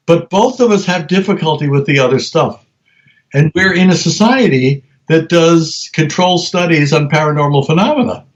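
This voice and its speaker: A middle-aged man, a researcher being interviewed, talking in a lively storytelling way with many restarts. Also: on the high side, moderate pace. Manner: animated storyteller, many restarts, acts out quoted voices. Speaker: guest researcher. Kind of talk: conversational interview. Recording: slightly dull lo-fi audio.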